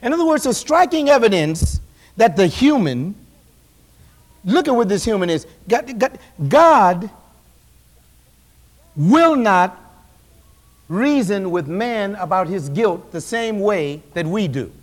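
A male senior pastor preaches with a high, ringing voice that carries through a church sanctuary with a long reverb tail. He is animated, dropping to a hush and then rising to a shout, and slips into little acted-out voices. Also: normal speed. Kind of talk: sermon.

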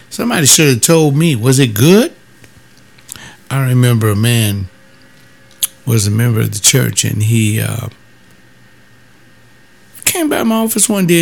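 This ex-pastor shares stories in a casual monologue, blunt and emphatic, with vocal fry in his voice. When he quotes others, his pitch jumps up.

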